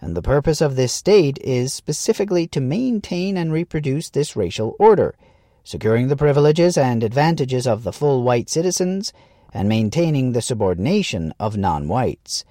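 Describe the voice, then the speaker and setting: A man narrating a scripted essay in a measured, earnest way, leaning into quoted lines. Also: medium pitch, big pitch swings, warm tone, no echo, studio quality.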